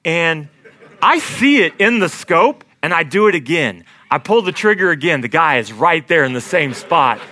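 A young man telling a comic story in an animated, self-deprecating way, often laughing through his own lines. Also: on the high side, normal speed, no room sound.

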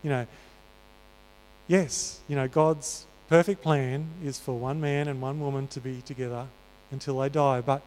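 A man's voice: mid-range voice, fairly even intonation, a little slow, a little mellow, smooth. A man preaching a sermon in a church, talking in an earnest, conversational way with many fillers. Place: church hall. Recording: reverberant church hall.

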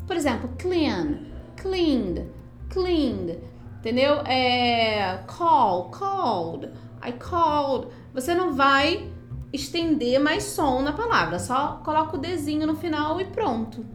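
Woman teacher, high bright pitch, roomy echo, music bed. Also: expressive. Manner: brisk, checks in with "tá bom?" and "entendeu?". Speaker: English teacher. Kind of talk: explaining pronunciation.

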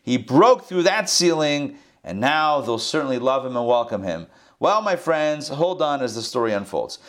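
A man teaching a scripture class with animated delivery, rhetorical questions and playful asides. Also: medium pitch, moderate pace. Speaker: Bible teacher.

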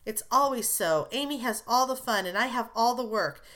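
A woman's voice: medium pitch, moderate pace, fairly bright tone, close to an everyday voice. A woman reading aloud as a blunt, spirited young woman who bursts into impulsive, emotional pleas. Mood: pleading.

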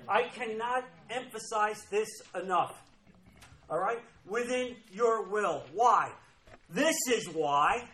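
A man's voice: high-pitched, slow, pushed and bright, slight background noise, rough recording. A man preaching a sermon, emphatic and repeating key phrases as he reads scripture aloud. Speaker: pastor.

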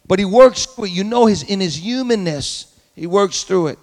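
Gravelly high-voiced man preaching. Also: animated, moderate pace, a little mellow. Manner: dramatic, acts out the voices of biblical figures. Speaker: pastor. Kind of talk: sermon. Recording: long hall reverb.

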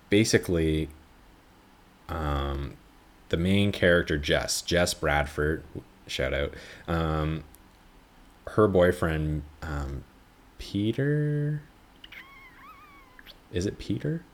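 A man's voice: rumbling low, extremely slow, pauses often. A young man hosts a solo film podcast. He rambles casually, swears often and fills his sentences with "like" and "um". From Canada. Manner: rambling, profane, frequent fillers. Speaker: podcast host, film reviewer.

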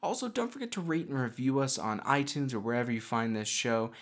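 A man hosting a tabletop podcast and narrating the game in a relaxed, casual way. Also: mid-range voice, a little fast. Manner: relaxed, many ums and uhs. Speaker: podcast host and game master.

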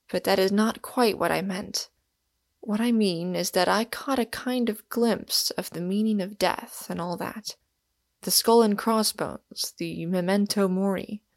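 A woman's voice: medium pitch, vocal fry, no room sound, studio quality. A woman reading the part of a massive, earnest young man in an audiobook, speaking with urgent, pleading passion.

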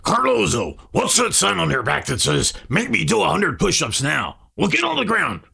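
A man puts on a bossy drill sergeant who mocks a recruit, his voice heavily gravelly and raspy. The pitch swings wildly up and down, with a bright, tense edge. He sounds set back from the mic. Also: huge pitch swings, moderate pace, heavily acted. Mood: barking. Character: barking male drill sergeant, bossy and mocking.

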